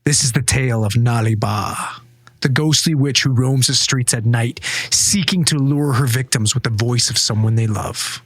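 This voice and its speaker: A man with a slightly husky voice narrates a ghost legend for a casual podcast. He reads with a dramatic tone between jokes and loose swearing, and the recording is dry and close. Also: mid-range voice, normal speed, a bit bright, dry recording. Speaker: podcast host reading the story. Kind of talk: casual chat and read-aloud narration.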